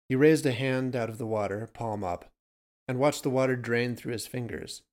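A man reads a short story aloud at a steady, measured pace. His voice sits at an ordinary middle pitch. He delivers the storytelling plainly. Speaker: narrator.

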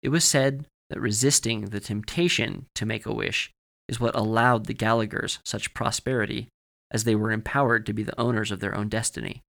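Man, low voice, horror story narration, measured, steady, podcast. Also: vocal fry.

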